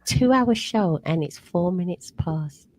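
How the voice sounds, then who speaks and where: A woman with a London accent hosting a radio chat. She talks slowly and playfully with a lively, swinging pitch. The sound is dry and close. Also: dry recording. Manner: playful, giggly. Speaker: radio host.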